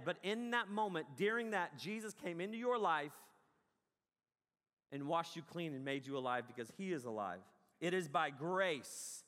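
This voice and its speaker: A man preaching an energetic, joking sermon from a stage, bursting into loud yells and poking fun at himself. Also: a little high. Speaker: pastor. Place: large hall on a stage. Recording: long hall reverb.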